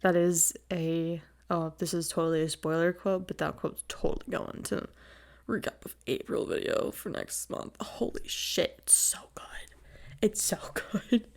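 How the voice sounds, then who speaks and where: A woman's voice: lowish voice, steady tone, a little slow, a little mellow, in a whisper. A young adult woman hosting her own podcast in casual chat, gushing and chatty, laughing often and swearing casually, on a new mic with no windscreen. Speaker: podcast host. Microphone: new desk mic without windscreen.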